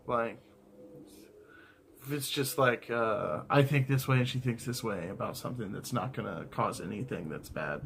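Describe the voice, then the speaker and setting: A man's voice: mid-range voice, moderate pace, gravelly, a bit bright, slight background noise. A man chatting casually to camera beside his partner, speaking in a dry, direct way with many fillers. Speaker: co-host, partner. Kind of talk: casual couple chat to camera.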